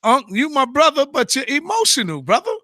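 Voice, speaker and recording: A man moderating a heated online debate, loud and insistent, calling for order and a timer. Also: very high voice, wildly swooping pitch, a little fast, dry recording, studio quality. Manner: loud, insistent, playful threats.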